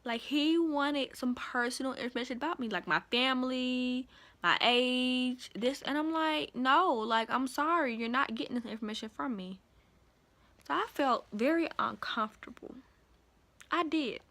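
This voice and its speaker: A chatty young woman tells a storytime to her viewers, animated and conversational. Her voice sits a little high for a woman. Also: normal speed. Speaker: vlogger. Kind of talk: casual storytime.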